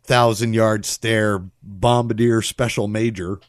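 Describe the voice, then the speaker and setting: A man's voice: lowish voice, steady tone, slow, dry recording, clean studio sound. A man in a casual movie discussion, cracking crude jokes and laughing often.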